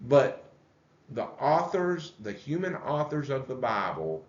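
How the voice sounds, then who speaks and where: Slow-talking pastor teaching Bible study. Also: male voice, medium pitch, sing-song. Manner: unhurried, explains and asks the group questions. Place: church room. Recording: echoey room, dull lo-fi sound.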